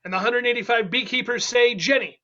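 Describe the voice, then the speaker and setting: High bright guy hosting an improv game, playful, kinda dull lo-fi sound. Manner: playful, quick, laughing asides.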